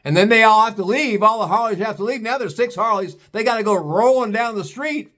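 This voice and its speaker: In a brisk, high-pitched, slightly bright voice, a vlogger delivers a ranting story monologue. The tone is blunt, profane and scornful, and he adopts put-on voices when quoting others.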